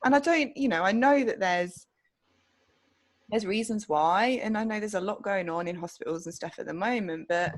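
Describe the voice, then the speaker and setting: A woman's voice: medium pitch, normal speed. A woman co-hosting a podcast in casual chat, blunt and outspoken, swearing freely. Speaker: podcast co-host.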